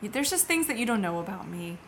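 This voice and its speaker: Improv comedy: a woman as a guarded young witch, blunt and wary, mid-pitched, faint ambience. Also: big pitch swings, quick pace, a bit bright, slight background noise.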